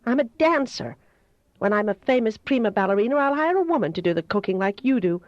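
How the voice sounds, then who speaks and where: A woman reading as a proud teenage girl who wants to be a dancer and talks in a sharp, defensive way. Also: on the high side, expressive, brisk, no echo, voice pushed up, natural voice. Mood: defiant. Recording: dull, dry home recording.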